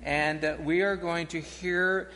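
Man leading a gathering, high voice, relaxed announcing, long hall reverb. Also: takes it slowly.

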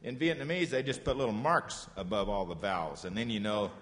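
A man's voice: on the low side, a bit bright. Patient man teaching children in an echoey room. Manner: patient, encouraging, repeats phrases slowly. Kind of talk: classroom lesson for children.

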